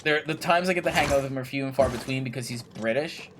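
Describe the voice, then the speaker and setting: This young gaming video creator talks fast in a medium-pitched voice, casually commentating as he plays and cracking jokes. He swears freely and chats with himself and the game characters, with background noise in the recording.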